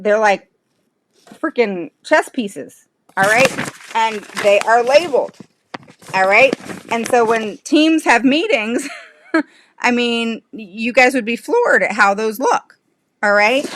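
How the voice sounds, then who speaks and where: Bright-voiced woman giving a blunt lesson. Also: mid-range voice, no echo. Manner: emphatic, direct, checks in with frequent "okay?"; frank and blunt. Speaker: special education advocate host. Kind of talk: live-stream lesson for parents.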